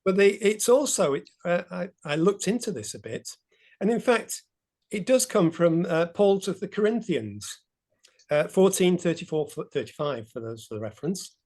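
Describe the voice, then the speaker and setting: A man with a high voice leads a group talk over a video call. He is chatty and rambles a little, with easy laughs. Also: lively intonation, moderate pace, a little mellow. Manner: chatty, meandering, light laughs.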